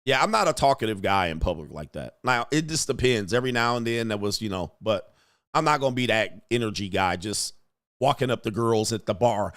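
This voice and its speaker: A man hosting a casual commentary monologue, telling stories in heavy slang, laughing often and acting out pickup lines in a higher voice. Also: expressive, a little fast, a bit bright, dry recording, clean studio sound. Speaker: show host.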